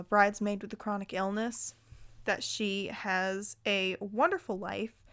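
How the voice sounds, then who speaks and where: A woman's voice: a little high, a bit bright. A woman vlogger who reads online posts aloud and reacts to them in a blunt, heated way, swearing freely in casual talk full of fillers. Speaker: commentary vlogger.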